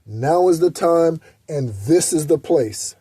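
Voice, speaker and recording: A man delivers a blunt spiritual pep talk, preachy and peppered with curses. His voice sits a little high but sounds very dark and husky. The recording is dry, with no room sound. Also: animated, slow pace, no room sound. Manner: blunt, preachy, heavy swearing. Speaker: spiritual guidance channel host. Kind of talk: profane motivational monologue.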